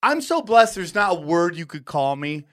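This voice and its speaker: Animated comedian telling a story. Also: male voice, high voice, normal speed. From Armenian family. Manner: animated storyteller, acts out voices, swears a lot. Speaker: guest comedian. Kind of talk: casual podcast chat.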